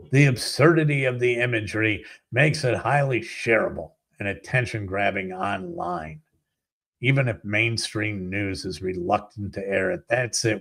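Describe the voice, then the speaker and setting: A man with a low, gravelly voice and a husky edge rants as a talk show host. He rambles sarcastically and sounds exasperated. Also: a bit bright. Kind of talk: ranting commentary.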